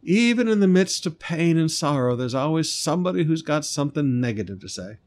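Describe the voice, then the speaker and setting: His voice sits on the high side with a darkish tone and big pitch swings, and he moves a little fast. As a pastor, he preaches a sermon retelling a scripture story, stressing key lines with rising emphasis and breaking into short sung phrases.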